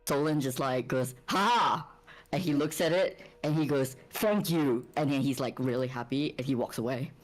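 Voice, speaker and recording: A woman's voice: a bass voice, steady tone, a little fast, few pauses, darkish tone, faint music behind. A woman playing a tabletop role-playing game, describing her character's actions in a rambling way full of "like". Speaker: player.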